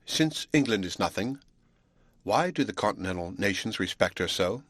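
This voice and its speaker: A man's voice: lowish voice, expressive, normal speed, fairly bright tone, slightly rough, dry recording. A man voicing a proud, spirited young Swiss woman teacher in an audiobook, speaking earnestly and defiantly.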